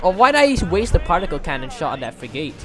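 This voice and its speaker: A man giving excitable gameplay commentary, thinking aloud and swearing often. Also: on the high side, fast talker. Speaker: gamer playing a mech game. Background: background music.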